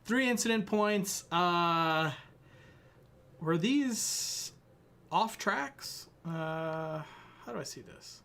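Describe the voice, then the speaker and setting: A lively young Irishman with a high voice chats casually on his sim racing live stream, speaking very slowly over slight background noise. Tired and sweating, he rambles, pokes fun at himself, and talks to chat while fiddling with his gear.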